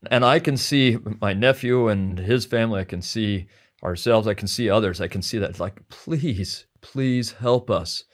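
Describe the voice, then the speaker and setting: A man with a low voice talks through scripture in a relaxed, conversational way. He sounds heartfelt and reflective, and he slows down to lean on the phrases that matter to him. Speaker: scripture teacher, podcast guest.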